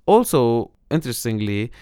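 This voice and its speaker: A man's voice: mid-range voice, sing-song, moderate pace, mellow, clean tone, no echo, studio quality. A man from Lebanon co-hosting a podcast, explaining economic news critically with many restarts. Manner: explanatory, critical, with frequent restarts and "you know". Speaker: podcast co-host. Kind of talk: casual political-economy discussion.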